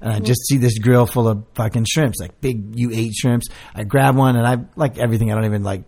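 Casting: gravelly-voiced man, mid pitch, loose animated storyteller. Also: fairly quick. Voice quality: gravelly, swears freely, animated retelling. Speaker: podcast co-host. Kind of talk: casual chat, storytelling.

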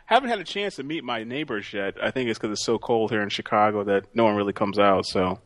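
A man's voice: fairly low pitch, expressive, fast talker, no echo. A man as a podcast guest, chatting casually in an easygoing, laid-back way. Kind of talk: casual chat.

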